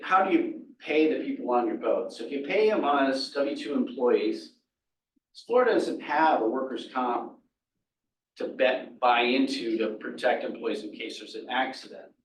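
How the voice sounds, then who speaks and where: A man gives a workshop talk, racing through his points like an auctioneer. He sits at an ordinary middle pitch and sounds far from the mic. The room echoes, with faint noise underneath. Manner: rapid-fire, talks like an auctioneer. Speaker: workshop presenter. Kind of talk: fast informal presentation. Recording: roomy, distant audio with faint noise.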